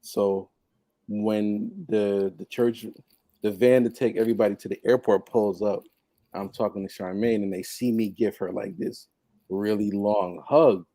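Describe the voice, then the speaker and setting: A man telling a personal story on a podcast in a casual, animated way, laughing often and mimicking others. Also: lowish voice, unhurried, no echo. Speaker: podcast guest.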